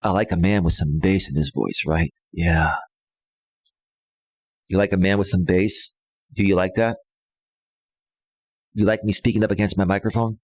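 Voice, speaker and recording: A man putting on a very deep, smooth crooner's voice, teasing and slow. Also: steady tone, dry recording. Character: deep crooning soul singer, smooth seducer.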